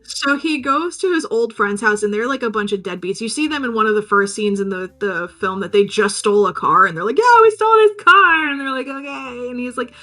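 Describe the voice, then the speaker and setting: Woman, podcast co-host, casual chat, high-ish voice, bright tone, animated storytelling. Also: fairly quick, hardly any pauses, faint music behind. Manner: animated, swearing, acts out characters in silly voices. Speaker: podcast co-host recapping a film.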